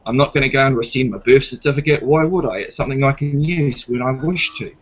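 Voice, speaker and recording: A man's voice: mid-range voice, fast, dull audio. Blunt, swearing New Zealand man. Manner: blunt, swearing, retells a police stop acting out both sides. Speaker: guest. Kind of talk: casual debate chat.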